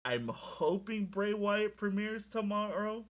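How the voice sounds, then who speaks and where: A young man chatting casually as a podcast co-host, telling stories in an excitable, animated way with lots of swearing. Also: high voice, takes it slowly, a loud crowd. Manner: excitable, profane, animated storytelling. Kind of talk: casual chat.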